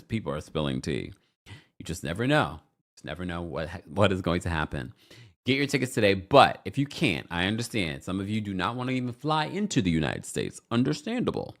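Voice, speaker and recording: A man hosting a reality TV recap vlog, talking in a gossipy, animated way and jumping into high mocking voices when he quotes people. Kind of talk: casual recap commentary.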